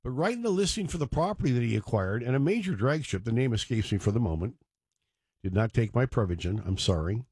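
Older guy doing a radio show, husky, all over the place with the pitch, keeps going off on tangents, dry sound. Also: animated, quick pace, a little mellow, no echo. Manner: rambling, digressive, joking asides. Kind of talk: casual talk radio monologue.

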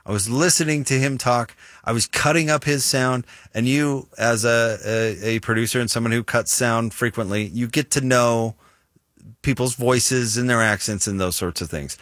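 Utah guy on sports radio, bright voice, dry close sound, chatty and joking. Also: mid-range voice, normal speed, no echo. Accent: Utah American. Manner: chatty, self-deprecating, animated storyteller. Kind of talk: casual sports radio chat.

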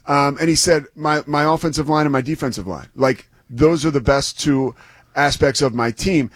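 A man's voice: on the high side, normal speed, no room sound, studio quality. A man who is a sports broadcaster, chatting enthusiastically and loosely about a football game with some restarts. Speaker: sports broadcaster and guest analyst. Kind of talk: casual sports talk.

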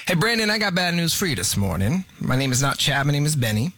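A man's voice: big pitch swings, fast, few pauses, fairly bright tone. A male radio host with a slightly raised voice runs a prank call. He talks like a friendly salesman, then turns blunt. It sounds like a radio broadcast. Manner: smooth salesman pitch, then blunt reveal.

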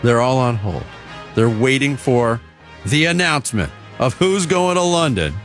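A man hosting a radio sports show, chatting casually with an animated, chuckling delivery. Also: medium pitch, faint music behind. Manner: animated, chuckling, drawn-out reveals.

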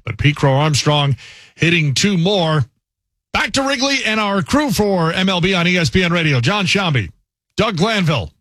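A man hosting an overnight sports radio show, briskly reading scripted highlights. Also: animated, a bit bright, no echo. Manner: brisk, smooth newsreader delivery.

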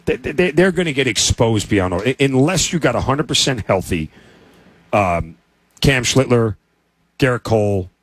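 A man's voice: medium pitch, expressive, unhurried, husky, no echo. A man co-hosting a sports radio show, talking in a sarcastic, heated and emphatic way. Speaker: co-host.

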